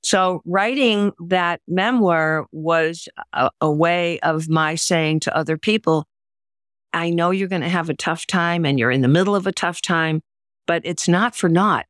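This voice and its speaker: A woman's voice: lowish voice, no echo, studio quality. An older woman, a memoir author and writing teacher, telling personal stories in an interview with earnest, emphatic delivery. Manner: earnest, emphatic, acts out quoted voices. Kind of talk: interview storytelling.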